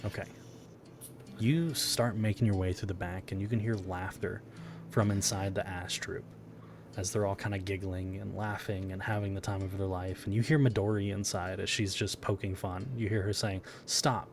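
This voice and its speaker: A man narrating a tabletop game as game master, in measured, descriptive storytelling. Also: deep voice, little pitch movement, background noise. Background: background music.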